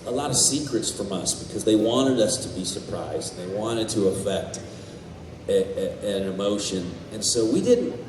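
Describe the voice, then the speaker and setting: A man on a convention panel telling animated stories, swearing and laughing as he goes. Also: medium pitch, slight background noise. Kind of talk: storytelling on a panel. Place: large convention hall. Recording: echoey hall, far from mic, faint ambience.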